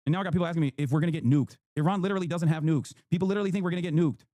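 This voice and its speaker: A man's voice: a little high, racing, mellow, dry recording, clean studio sound. A man livestreaming, ranting heatedly with lots of swearing about the news he reads. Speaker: streamer.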